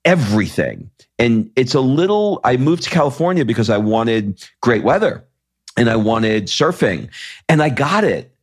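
A man's voice: medium pitch, slightly rough. A man hosting a podcast interview, telling stories casually with many restarts. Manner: rambling storyteller, many restarts. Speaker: podcast host.

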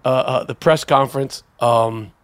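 A man's voice: medium pitch, fairly even intonation, measured pace, no echo. A man co-hosting a podcast in casual chat, profane and full of stumbling restarts. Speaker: podcast co-host.

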